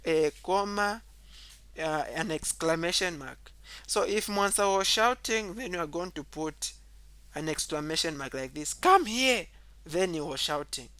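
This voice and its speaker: A man teaching a grammar lesson, explaining step by step, repeating key points and saying "okay" often, and reading example sentences aloud with extra emphasis. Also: dry recording. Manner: reads example sentences aloud louder and higher.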